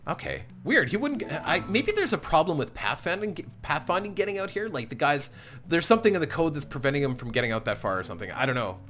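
A man's voice: a little high, very animated, quick pace, fairly bright tone. A man hosting a let's-play, chatty and self-mocking, often apologizing and laughing as he plays. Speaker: gaming channel host. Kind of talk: casual let's-play commentary.

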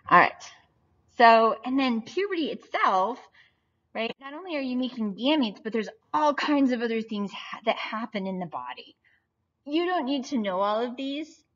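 A woman in her forties giving a recorded anatomy lecture, chatty and often checking in with "right?". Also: fairly high pitch. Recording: slightly dull, lo-fi audio.

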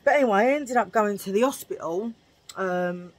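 A woman's voice: mid-range voice, normal speed. A woman vlogger telling a rambling story in a chatty, jokey way, laughing at her own remarks.

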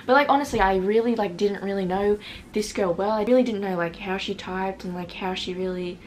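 A late-teen girl vlogs a casual storytime to her camera in a brisk, medium-pitched, slightly mellow voice, with a bit of background noise. She's chatty and pokes fun at herself, saying "like" constantly. She reads out old messages using put-on voices.

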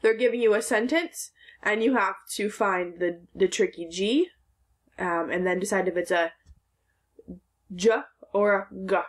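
A woman's voice: mid-range voice, measured pace. A woman teaching a recorded phonics lesson to children, patiently sounding out letters and words.

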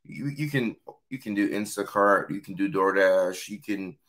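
A man hosting a casual live-stream talk, a little hoarse, chatting and reading out viewer comments. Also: sits low, normal speed, a bit bright. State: hoarse from yelling. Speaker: host.

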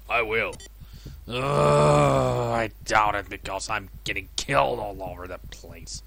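A gravelly male gamer whose pitch swings widely as he grumbles and then erupts into shouted curses. He talks slowly and drags his words, and his voice has a bright, edgy tone. Faint retro game music plays underneath. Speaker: let's play gamer. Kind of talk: frustrated gameplay commentary.

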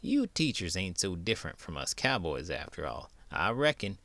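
A man voicing an easygoing old-time cowboy with a put-on Western drawl and a folksy, unhurried way of telling a yarn. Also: deep voice, very animated, sharp tone, dry recording, exaggerated voice. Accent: American Western drawl, put on. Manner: folksy drawl, slow storytelling.

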